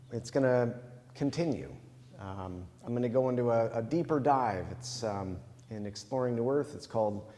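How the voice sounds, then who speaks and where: A male pastor giving a relaxed, conversational sermon, thinking aloud with fillers. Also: mid-range voice, long reverb tail. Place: chapel.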